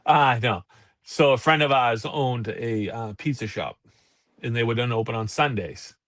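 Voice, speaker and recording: A man's voice: mid-range voice, unhurried, fairly bright tone, no room sound. Man, co-host, casual profane storyteller, close dry mic. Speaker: podcast co-host. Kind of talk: casual chat.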